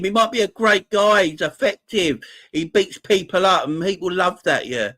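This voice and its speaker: This fan channel host, an adult man married with kids, has a high-sitting voice with a sharp tone, lively intonation and an unhurried pace. On his live football chat stream he's passionate and emotional, tending to say things more than once.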